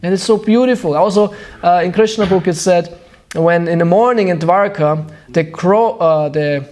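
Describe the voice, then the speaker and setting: A man with a German accent gives a devotional sermon in English, which is not his first language. His voice sits high for a man. He tells stories with animation and sometimes gropes for the right word. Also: moderate pace. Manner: searching for words, animated storytelling. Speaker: spiritual teacher.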